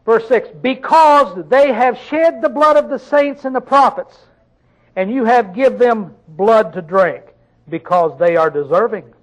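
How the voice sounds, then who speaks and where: High-pitched guy preaching, slow drawn-out scripture reading, keeps asking the crowd questions. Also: lively intonation, low-quality recording. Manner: questions the listeners often, with sudden loud emphatic bursts; reads scripture slowly and drawn out. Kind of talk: sermon.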